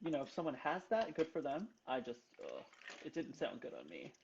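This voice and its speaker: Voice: medium pitch, wildly swooping pitch, a little fast, gravelly, darkish tone. Breezy guest on a lo-fi video call. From New York. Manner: breezy, giggly, upbeat. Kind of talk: casual video-call chat while cooking. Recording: dull lo-fi video call audio with faint hiss.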